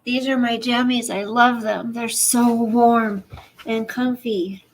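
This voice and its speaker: A woman's voice: fairly high pitch, steady tone, slow. A woman hosting a casual livestream from home at night, chatty and apologetic, cooing at her pet in between. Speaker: livestream host.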